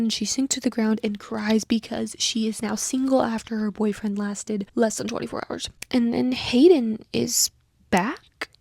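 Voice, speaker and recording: A young woman with a slightly high, gravelly voice reads her old story aloud and mocks it with giggly sarcasm. She drops into quick whispers and squeals up now and then. Close mic in a dry, deadened room. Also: darkish tone, no room sound. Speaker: booktuber reading her old fanfiction. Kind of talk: casual reaction reading.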